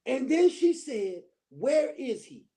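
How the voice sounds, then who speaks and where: Lively middle-aged New storyteller woman. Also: sits high, slow pace. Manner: animated, acts out voices, laughs while telling. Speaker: guest, former school counselor. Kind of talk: storytelling in casual chat.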